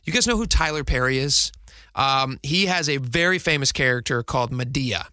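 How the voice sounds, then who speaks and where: A man's voice: medium pitch, normal speed, sharp tone, no echo, clean studio sound. A man in his thirties hosting a radio talk show, chatty and upbeat with rambling asides. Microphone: studio mic.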